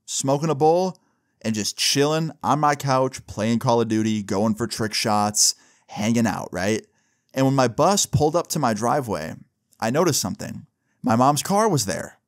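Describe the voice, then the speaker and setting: A young man, animated and mid-range in pitch, tells his own story at a moderate pace. The telling is relaxed and profane, and he keeps adding "like" and "right?" as he goes.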